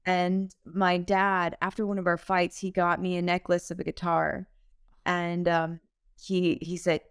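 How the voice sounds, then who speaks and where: A young woman talks candidly as a guest in a podcast interview, earnest and emotional, often laughing. Her voice is smooth and clear at a middle pitch. The sound is close and dry, with no room around it. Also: measured pace, no room sound. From United States. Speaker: singer-songwriter guest.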